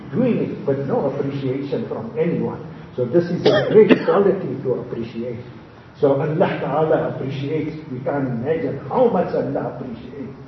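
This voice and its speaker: A man gives a sermon to his congregation and teaches through anecdotes and wry, humorous asides. His voice sits a little high for a man. It comes from far off the mic in a strongly echoing hall, with a dull, lo-fi sound. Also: a little hiss or hum. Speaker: Islamic preacher.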